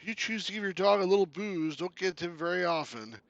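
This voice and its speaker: Man hamming up a loud Canadian cop. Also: high voice, fairly quick, creaky, no room sound, highs cut off, pitched above the performer's own voice. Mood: lecturing. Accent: exaggerated Canadian. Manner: loud, hammy, ends lines with "eh". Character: brash boisterous Canadian male cop. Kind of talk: video game voice-over.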